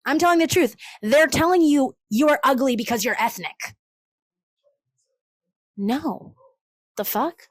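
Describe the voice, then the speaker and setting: High, lively woman ranting. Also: takes it slowly, long pauses, dry recording, rough recording. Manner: profane, exasperated, sarcastic. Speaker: podcast host. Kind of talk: ranting solo podcast monologue.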